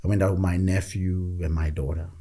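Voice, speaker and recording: A middle-aged man telling stories in a reflective conversation, measured and often repeating words as he gathers his thoughts. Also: low voice, little pitch movement, mellow. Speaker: podcast guest.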